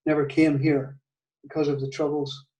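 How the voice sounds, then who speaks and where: An older man with a Northern Irish accent, his voice mellow and slightly higher than most men's. He talks hesitantly, with restarts and soft laughs, while telling a story in a conversation. It was recorded in an echoey room, a little far from the mic. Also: level tone, moderate pace. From Northern Ireland. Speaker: guitar maker, guest. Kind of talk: casual storytelling interview.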